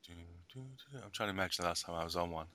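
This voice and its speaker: A man's voice: deep voice, very fast, a crowd in the background. A man hosting a podcast in casual, jokey banter, laughing often. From South London, England. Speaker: podcast host. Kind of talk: casual chat.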